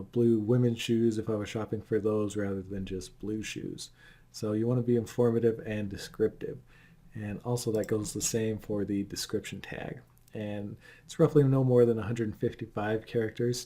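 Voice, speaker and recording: A man's voice: fairly low pitch, dark tone. A man narrating a screen-recorded tutorial, explaining plainly and walking through examples step by step. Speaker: online course instructor.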